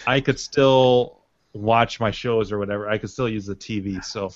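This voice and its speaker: A man's voice: fairly low pitch, steady tone, normal speed, no room sound, muffled recording. A man hosting a casual group chat over a video call, hesitant, with many restarts and trailing off. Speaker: podcast host.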